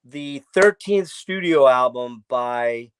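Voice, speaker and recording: A man's voice: medium pitch, animated, slow, slight background noise. A man hosting an interview, chatting like an enthusiastic fan and asking long, wandering questions. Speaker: podcast host. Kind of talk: casual interview chat.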